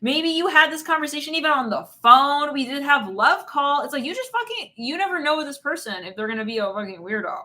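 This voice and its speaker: A woman's voice: high voice, expressive, a little fast, few pauses, pushed and bright. A woman giving a casual tarot reading, rambling and giggly, swearing bluntly as she talks. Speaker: tarot reader.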